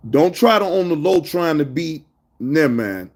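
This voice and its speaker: A man's voice: a little high, expressive, unhurried, darkish tone. A man hosting a casual livestream, talking to his chat in loose slang, scolding viewers and reminiscing. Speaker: livestream host.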